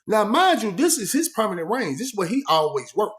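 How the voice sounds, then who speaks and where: A man recounting a story in a lively, animated way. His voice sits fairly high for a man. He acts out the dialogue, adds sound effects, and leans on fillers like "man" and "you know what I mean.". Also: a little fast. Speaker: vlogger recounting his prison life.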